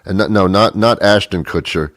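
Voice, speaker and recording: A man's voice: deep voice, moderate pace, a bit bright, no echo, clean studio sound. A man hosting a talk show, rambling sarcastically through a comic monologue with many asides. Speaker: radio show host.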